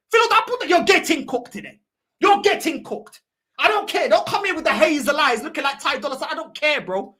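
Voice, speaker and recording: A woman's voice: high voice, bright, forceful tone. A woman with a London accent hosting a football fan channel, ranting furiously with constant swearing and mocking insults, slipping into European Portuguese. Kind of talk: angry fan reaction rant.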